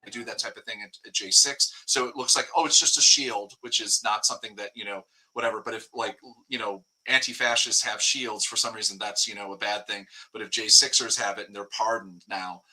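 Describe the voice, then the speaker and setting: A man's voice: on the low side, steady tone, a little fast, few pauses, sharp tone, rough recording. A man speaking as a guest reporter in a casual interview, talking in a rambling way with many restarts and fillers.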